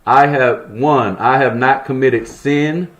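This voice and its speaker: A man's voice: medium pitch, slow pace, fairly bright tone. Man, young adult, casual reader, profane asides, joking, apartment. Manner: profane, joking asides between numbered items. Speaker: channel host. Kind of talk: reading a list with loose commentary.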